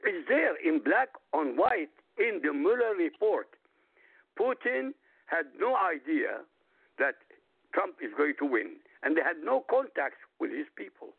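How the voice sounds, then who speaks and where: A man's voice: fairly high pitch, sing-song, unhurried, vocal fry, slightly rough, no echo. A man calling in to a radio talk show, speaking insistently, repeating his points and urging listeners to check for themselves. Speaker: caller, guest. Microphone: telephone. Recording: tinny dry phone line.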